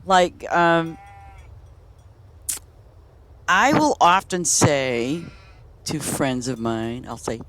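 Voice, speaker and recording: A woman's voice: deep voice, very animated, takes it slowly, fairly bright tone, a little hiss or hum. A woman chatting casually while she streams a game, rambling from story to story and laughing often. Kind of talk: casual chat while playing. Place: home, in Boston.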